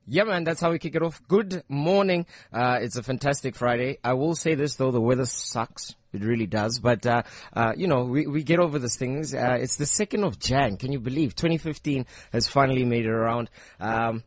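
On a dry studio-mic recording, a male radio host runs a loose, upbeat morning show full of jokes. His voice is medium-pitched, and he talks fairly quickly with few pauses.

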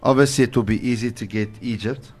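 A man's voice: mid-range voice, fast talker, slightly rough. A man, a pastor co-hosting a casual religious talk show, earnest and rambling with fillers. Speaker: pastor and co-host.

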